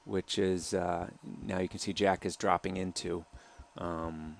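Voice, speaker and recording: A man talking through footage of his own film as director, soft-spoken and hesitant, with many pauses and filler sounds. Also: low-pitched, level tone, gravelly. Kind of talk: commentary over a film trailer.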